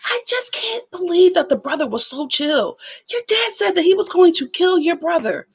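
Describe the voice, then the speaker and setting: Lively high-voiced woman reviewing TV. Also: normal speed, poor audio. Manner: animated, laughs often, acts out quotes. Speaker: reality TV reviewer, channel host. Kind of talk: casual live show review.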